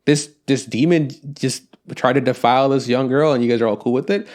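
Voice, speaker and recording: A man's voice: medium pitch, fairly even intonation, a little fast, darkish tone. A man co-hosting a casual anime review podcast, rambling with lots of fillers. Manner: rambling, filler-heavy, acts out quotes. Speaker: podcast co-host.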